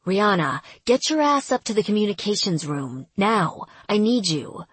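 A tough female sergeant barking commands, as a woman reads her. Her voice swings with lively pitch, breathy and close up in a dry room. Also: moderate pace, no echo. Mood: commanding. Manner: forceful, commanding.

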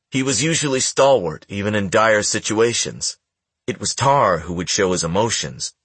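A man reading a novel aloud as an audiobook narrator in a measured, even way. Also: fairly low pitch, breathy edge, no room sound. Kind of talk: scripted narration.

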